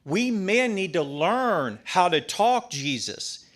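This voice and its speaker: Folksy, emphatic priest. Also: male voice, high voice, sing-song, slow, a bit bright. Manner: folksy and emphatic, with restarts and asides. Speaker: priest giving a talk. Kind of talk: conversational sermon.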